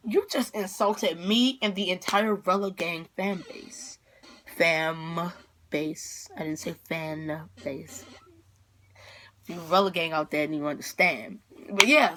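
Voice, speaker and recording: A female vlogger telling a dramatic story-time tale with excitable energy, packed with fillers and sudden outbursts. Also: mid-range voice, unhurried.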